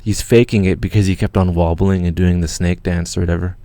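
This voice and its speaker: A Canadian man hosting a livestream, telling a story in an excited, rambling way with lots of swearing and restarts. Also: low voice, brisk, no room sound. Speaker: channel host.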